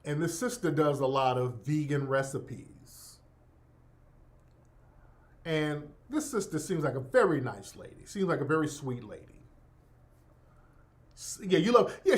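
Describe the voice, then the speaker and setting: A man's voice: on the high side, expressive, normal speed. A man hosting a talk radio show, riffing in a casual, profane monologue and repeating himself insistently.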